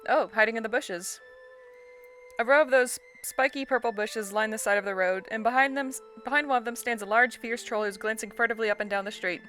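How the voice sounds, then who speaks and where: A woman's voice: a little high, fairly quick, fairly bright tone, faint music behind. Chatty, giggly woman reading a game. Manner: chatty, giggly and self-deprecating. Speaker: let's-play host. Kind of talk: casual game commentary and reading.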